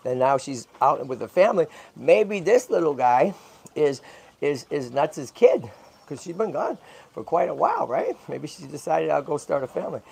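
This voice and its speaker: A man's voice: on the high side, sing-song, normal speed, creaky, slightly rough. A man hosting a casual livestream who chats and keeps checking in with "right?" and "okay?", cooing to a baby squirrel as he handles it. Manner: coos softly to the animal. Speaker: channel host and tortoise rescuer.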